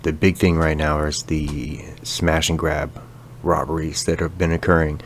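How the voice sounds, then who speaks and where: Male podcast host, extremely low voice, profane comic rants, faint hiss behind. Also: level tone, a little slow. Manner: profane, sarcastic ranting. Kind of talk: casual comedic monologue.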